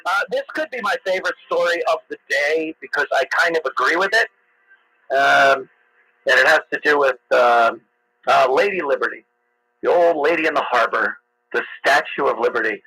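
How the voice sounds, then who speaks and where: A man's voice: a little high, bright, forceful tone, breathy edge, poor audio. A man hosting a talk radio show, delivering a sarcastic, ranting monologue with frequent fillers.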